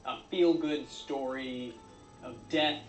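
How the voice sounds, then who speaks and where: A man narrating his own craft video in a dry, deadpan comic way, with frequent filler sounds. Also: mid-range voice, takes it slowly, echoey room, soft background music, low-quality recording.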